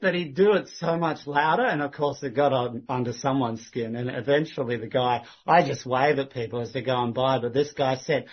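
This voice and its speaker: A husky man shares a testimony with his congregation, retelling a debate and mimicking both sides. His voice sits at an ordinary pitch. The recording sounds dull and muffled. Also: normal speed, few pauses. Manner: lively retelling that mimics the other man's lines. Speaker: church member recounting a witnessing conversation.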